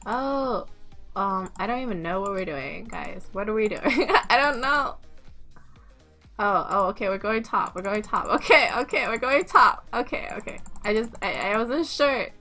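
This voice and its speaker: A woman giving live gameplay commentary, excitable, swearing and laughing, with squeals when things heat up. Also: medium pitch, measured pace, faint music behind. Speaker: game streamer.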